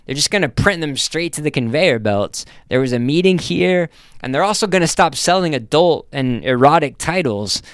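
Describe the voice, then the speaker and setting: A man reading aloud, voicing a shy young woman writer who talks softly and plaintively. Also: fairly high pitch, lively intonation, moderate pace, clear, resonant tone, no echo, studio quality, pitched above the performer's own voice, natural voice.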